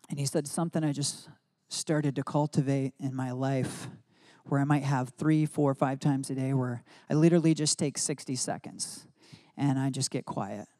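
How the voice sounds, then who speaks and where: A middle-aged man preaching a sermon as pastor, reflective, slowing and softening his voice in devotional passages. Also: a little high, dry recording, clean studio sound.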